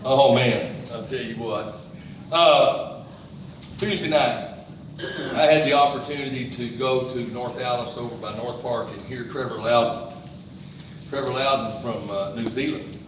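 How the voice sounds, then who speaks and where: A man's voice: mid-range voice, a little slow, slight background noise. Folksy man introducing a speaker in an echoey hall. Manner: folksy, joking, reads a bio aloud. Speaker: event host. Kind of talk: introducing a speaker at a live event. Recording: echoey hall, distant tablet recording, muffled.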